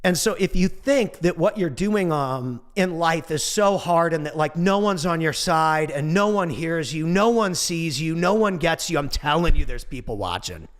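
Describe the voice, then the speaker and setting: Casting: man in his 40s, high-pitched, loose motivational talker with a goofy streak. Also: normal speed, hardly any pauses. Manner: animated, goofy, swears casually. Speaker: motivational speaker. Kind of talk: motivational monologue.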